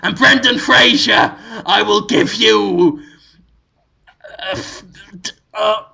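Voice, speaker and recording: A man voicing a pompous male celebrity cast as a movie wizard, making loud, theatrical proclamations. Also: sits high, slow pace, creaky, background noise, full character voice. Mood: grandiose.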